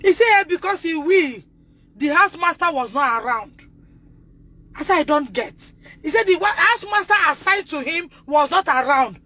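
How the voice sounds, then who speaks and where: A Nigerian woman speaking on a phone livestream, distressed and loud, re-enacting conversations as a mother. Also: high voice, expressive, moderate pace. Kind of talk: emotional livestream testimony.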